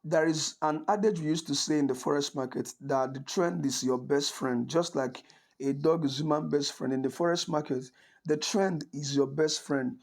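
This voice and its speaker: A man's voice: on the high side, moderate pace, creaky, darkish tone. A man giving a screen-recorded trading tutorial, talking casually and checking in with listeners by asking "right?" and often restarting his sentences. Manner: conversational, checks in with frequent "right?"; restarts and corrects himself often. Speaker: forex trading instructor.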